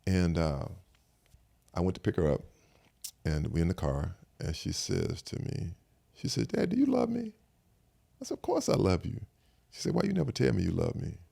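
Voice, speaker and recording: Older man, Southern American accent, low gravelly voice, quick reflective storyteller. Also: lively intonation, warm tone. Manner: reflective, repeats "I said" while retelling conversations. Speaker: podcast guest. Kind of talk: casual storytelling chat.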